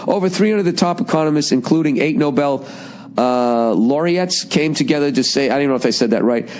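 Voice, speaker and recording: Sarcastic, profane podcast host. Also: male voice, a little high, brisk, darkish tone. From United States. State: strained, cracking voice. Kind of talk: casual monologue.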